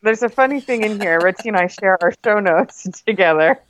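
Woman, podcast co-host, casual chat, chatty, mid pitch, dry close sound. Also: expressive, no room sound. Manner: chatty, quick agreeing backchannels and laughs. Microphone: remote recording.

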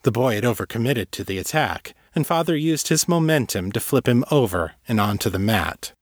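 A man narrating a fantasy audiobook in a steady, measured way. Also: medium pitch, dry recording, clean studio sound. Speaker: narrator and author.

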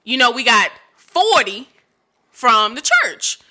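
A woman telling a lively story in a casual chat with her husband, animated and laughing as she talks over him. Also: fairly high pitch, slow pace.

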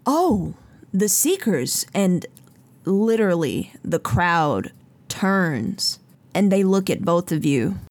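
A woman game master narrating a tabletop game in an unhurried, descriptive way with many fillers. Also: on the low side, lively intonation.

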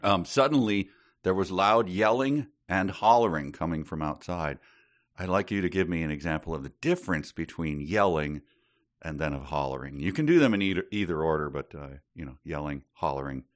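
A man with a very low voice chatting on a podcast. He takes his time and tells jokes in a dry, deadpan way. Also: brisk. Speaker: podcast co-host. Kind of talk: casual book-discussion chat.

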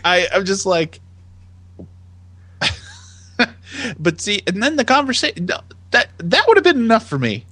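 A man co-hosting a casual chat podcast, animated and laughing often as he reads tweets aloud in voices. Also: high-pitched, a little slow, long pauses, no room sound. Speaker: podcast co-host.

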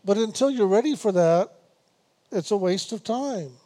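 A man giving a spiritual meditation talk, unhurried and repetitive, gently teasing his listeners and laughing now and then. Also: high voice, lively intonation. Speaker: spiritual teacher.

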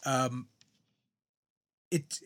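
A man's voice: very slow, slight background noise. Thoughtful man in casual podcast chat. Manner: thoughtful, restarts sentences, analytical. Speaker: podcast co-host.

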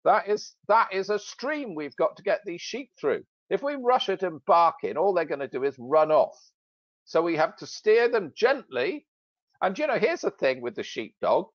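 Lively, joking British man, dull dry sound. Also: high-pitched, normal speed, dry recording. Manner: jokey, self-mocking storytelling. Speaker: sales expert and author. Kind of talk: casual podcast talk.

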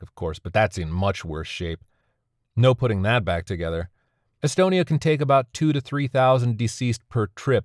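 A man's voice: on the low side, darkish tone, no room sound, close to an everyday voice. A man voicing a sardonic woman who captains an underworld ferry, speaking in a dry, weary, matter-of-fact way.

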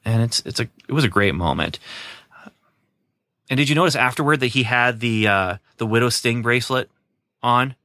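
A man's voice: mid-range voice, moderate pace, long pauses, sharp tone, no echo, clean studio sound. A man hosting a casual podcast chat, enthusiastic and chatty, laughing easily as he talks. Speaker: podcast host.

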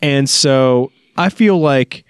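A man's voice: medium pitch, slow, smooth, dry recording, clean studio sound. A man co-hosting a podcast in casual chat, enthusiastic and self-deprecating. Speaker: podcast co-host.

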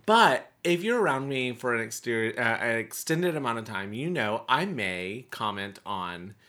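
A woman with a very deep, low voice co-hosts a relaxed podcast chat. Her pitch swings widely and her tone stays bright. She talks in a sassy, expressive way. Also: normal speed. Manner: sassy and expressive, says "honey" and "girl". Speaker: podcast co-host.

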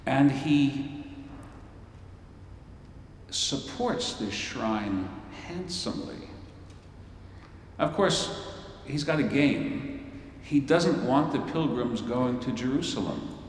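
A man's voice: mid-range voice, slow, pauses often, a little hiss or hum. A man preaching a storytelling sermon in a large worship hall, theatrical and wry, with playful asides. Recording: echoey hall from far off.

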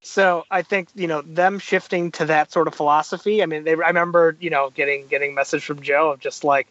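High-voiced man telling animated stories. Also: a little fast, dry recording, dull audio. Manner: animated storyteller, acts out quotes. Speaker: guest. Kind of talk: casual podcast chat.

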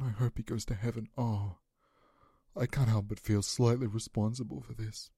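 A man hosting a comedy podcast, improvising a bit in a theatrical, overwrought way. His voice drops to a hushed mumble, then leaps into a high, mock-tearful wail. The sound is close and dry, with no room echo. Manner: melodramatic, swings between hushed mumbling and high mock-crying.

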